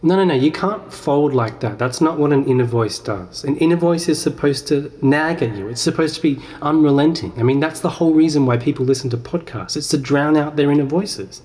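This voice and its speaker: A man's voice: fairly high pitch, a little fast, hardly any pauses, a little mellow. A man, hosting a podcast and rambling in a self-deprecating comic monologue as he argues with himself. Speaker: podcast host. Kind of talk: comedic sketch monologue.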